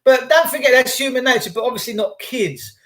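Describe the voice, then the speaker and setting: A man's voice: extremely high pitch, a little fast, a bit bright. A middle-aged English man ranting casually to live-stream viewers in a blunt, sweary, conspiratorial way.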